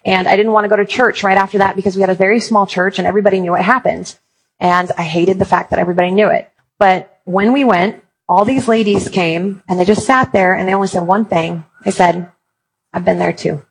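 A woman's voice: medium pitch, steady tone, fairly quick, breathy edge, poor audio. A woman giving a Christian talk, mixing humorous stories with advice and acting out quotes. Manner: humorous storytelling with acted quotes. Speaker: Christian speaker on apologetics. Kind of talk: conference talk.

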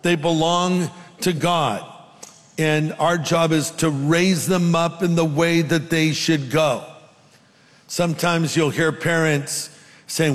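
Older male pastor, fairly high voice, earnest conversational sermon, long hall reverb. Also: fairly even intonation, slow pace. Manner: earnest, conversational preaching with asides.

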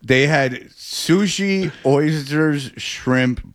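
A man's voice: a little high, extremely slow, no room sound, clean studio sound. Rambling man telling a story. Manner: rambling, animated storyteller with frequent restarts. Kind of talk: casual storytelling chat.

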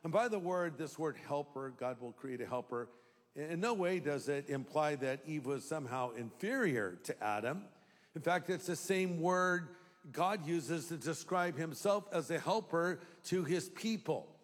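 Man, pastor, live sermon, high voice, long hall reverb. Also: animated, measured pace. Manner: conversational, humorous preaching. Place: large church hall.

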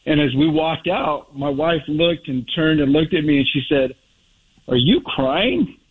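A man's voice: fairly high pitch, fairly even intonation, normal speed, husky. A man from Northern California calling into a radio show, heartfelt and rambling. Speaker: caller. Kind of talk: phone-in call. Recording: tinny phone line.

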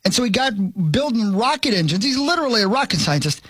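High pitched raspy guy rambling thru a sports story, dry mic. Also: sing-song, quick pace, a bit bright, dry recording. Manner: rambling storyteller, self-mocking. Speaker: radio show co-host. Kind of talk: casual sports talk.

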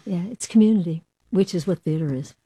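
A woman interviewer with a slightly low, mellow voice. She asks her guests lively, animated questions and laughs easily. The sound is dry and close. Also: fairly quick, husky, dry recording. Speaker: interviewer host. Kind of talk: radio interview.

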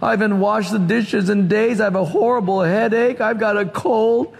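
A man's voice: high voice, fairly even intonation, normal speed, vocal fry, husky, exaggerated voice. A man voicing an exhausted woman with sick kids who complains wearily, heard with long hall reverb. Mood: weary. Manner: weary, complaining.

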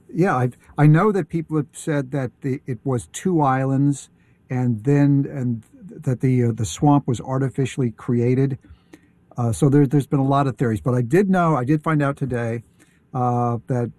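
A man talking casually as a guest on a radio show, enthusiastic but halting, with many fillers and restarts. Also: medium pitch, dark tone, no echo.

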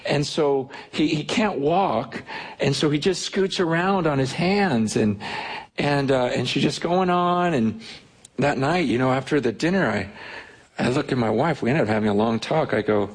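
A man's voice: mid-range voice, normal speed, slightly rough. A man preaching in a conversational storytelling way, acting out the voices of the people in his story, with many restarts. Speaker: pastor. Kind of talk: sermon storytelling.

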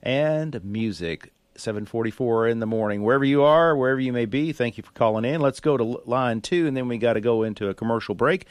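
A man's voice: medium pitch, brisk, hardly any pauses, dry recording. A man hosting a morning radio call-in show who chats easily, laughs often and likes to say "I tell you what.". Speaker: radio host.

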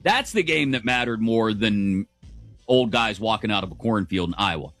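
Chatty middle-aged sports talk host. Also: male voice, fairly low pitch, lively intonation, normal speed, fairly bright tone, soft background music. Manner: chatty, opinionated, laughs often. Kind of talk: casual sports radio commentary. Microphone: studio mic.

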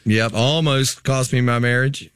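A man's voice: mid-range voice, steady tone, measured pace, fairly bright tone, clear, resonant tone, no room sound, clean studio sound. A man, a musician guest, telling jokey self-deprecating stories in casual chat.

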